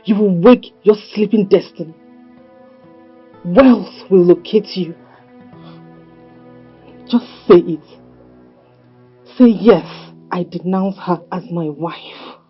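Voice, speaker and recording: An actress playing a scheming spirit princess who coaxes and commands, her voice husky. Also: lowish voice, slow, pauses often. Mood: commanding. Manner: coaxing, then commanding. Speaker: actress in a drama series. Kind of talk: dramatic film acting. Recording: dull sound with faint music.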